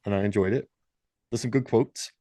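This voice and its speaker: A man's voice: fairly low pitch, fairly quick, warm tone, dry recording, studio quality. A man guesting on a podcast in a casual chat, joking around and trying out silly phrases. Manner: playful, jokey, tries out silly phrases.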